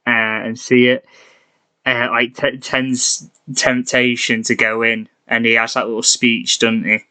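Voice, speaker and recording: A man co-hosting a podcast in casual chat, agreeable and quick to laugh. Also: mid-range voice, flat delivery, sharp tone, clean tone. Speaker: podcast co-host.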